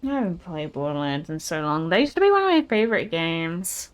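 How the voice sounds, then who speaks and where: A woman streamer giving casual gameplay commentary, chatting and reacting out loud, laughing easily. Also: fairly low pitch, very animated, brisk, rough recording.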